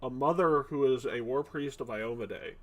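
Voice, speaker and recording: A man, the game master, chatting casually and joking before a tabletop session. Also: mid-range voice. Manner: chatty, jokey, quick asides.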